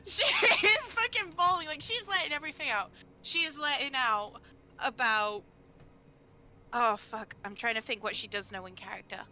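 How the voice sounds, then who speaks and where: A woman's voice: a little high, normal speed, bright, forceful tone, slight background noise. A woman playing in a tabletop game, talking casually and emotionally, swearing often. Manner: emotional, swears a lot, laughing and tearful. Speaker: player. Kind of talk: casual chat.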